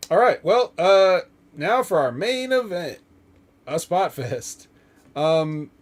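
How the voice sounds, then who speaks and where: A man hosting a casual podcast, recapping wrestling in a loose, joking way, swearing and laughing often. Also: mid-range voice. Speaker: podcast host.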